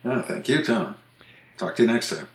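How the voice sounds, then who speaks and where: A man's voice: mid-range voice, animated, normal speed, music in the background. An older man, a podcast co-host and author, chatting casually and reading a passage aloud. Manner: chatty, reads entries aloud. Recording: roomy echo.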